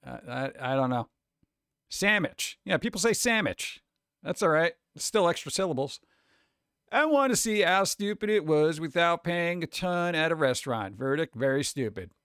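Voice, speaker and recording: A man with a New York accent hosts a casual livestream and chats with his viewers. His voice sits a little high, and his remarks are sarcastic and mock-exasperated. The sound is dry and close, with almost no room in it. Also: animated, moderate pace, fairly bright tone, smooth, no room sound. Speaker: streamer host. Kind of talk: casual livestream chat reacting to chat.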